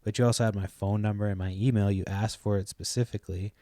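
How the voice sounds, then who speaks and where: Young man, podcast host, rambling storyteller, casual swearing, lowish voice, dry close recording. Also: fairly even intonation, quick pace, dark tone, no echo. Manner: loose, swears often, trails off with "like" and "blah, blah".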